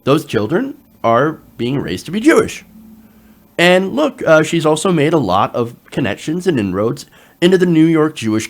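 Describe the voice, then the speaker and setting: Male commentary host, higher-pitched and animated, reads news and adds sarcastic remarks. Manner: animated, sarcastic asides, frequent fillers. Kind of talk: reading an article aloud with running commentary.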